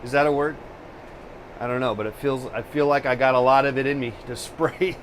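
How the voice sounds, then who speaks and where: A man's voice: medium pitch, steady tone, a little fast, slight background noise. A man hosting a live painting stream, chatting casually and ranting profanely about technology in exasperation.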